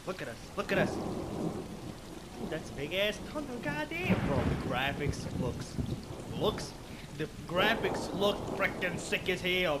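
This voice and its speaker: A man hosting a let's play, excitable and slangy, swearing freely and calling everyone bro and man. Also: fairly high pitch, very noisy. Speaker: gaming channel host. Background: game music.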